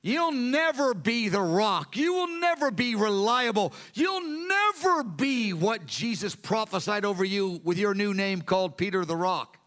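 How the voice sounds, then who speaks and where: Give me a preacher playing a taunting, scornful devil. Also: male voice, high voice, big pitch swings, a little slow, few pauses, fairly bright tone, heavily acted. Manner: scornful accusing. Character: taunting male devil whispering accusations.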